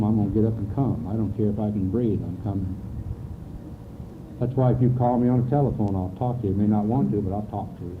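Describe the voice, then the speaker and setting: A man giving a heartfelt, earnest personal recovery talk at a meeting. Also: on the low side. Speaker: AA speaker. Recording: hissy lo-fi 1980s tape, phone-like.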